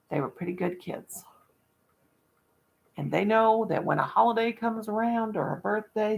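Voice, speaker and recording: Gravelly, blunt woman chatting. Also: low voice. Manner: blunt, rambling, folksy, talks to chat and her birds. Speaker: livestream vlogger. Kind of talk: casual chat while crocheting.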